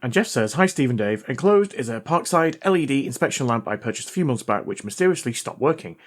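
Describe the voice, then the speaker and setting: A man hosting a repair video, reading a viewer's letter aloud and thinking out loud as he tests a gadget in a casual, chatty way. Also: medium pitch, big pitch swings, quick pace. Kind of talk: casual hands-on repair commentary.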